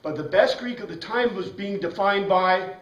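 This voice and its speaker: A man teaching a Bible class, lecturing in an animated way and asking the class questions. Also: high-pitched, moderate pace, highs cut off. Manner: animated, asks the class questions, frequent "right?". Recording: echoey room, from a distance.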